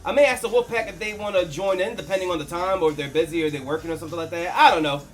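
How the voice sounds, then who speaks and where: A live streamer chatting casually with viewers in a quieter, softer morning voice, rambling and laughing easily. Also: medium pitch, rapid-fire, soft background music.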